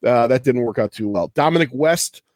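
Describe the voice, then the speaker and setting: A podcast host, a man, rambles through his trivia in loose, profane chat and laughs at his own asides. His voice sits at a middling pitch. The recording is dry and close, with no room sound at all. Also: animated, a little fast, a little mellow, no room sound.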